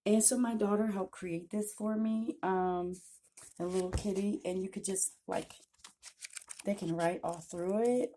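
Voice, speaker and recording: A woman, a YouTuber and self-published author, chatting through an excited unboxing vlog on her phone camera and gushing often. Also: medium pitch, a little slow, a little hiss or hum. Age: adult with a daughter. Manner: gushing and excitable, repeats "oh my gosh". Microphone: phone camera held by hand.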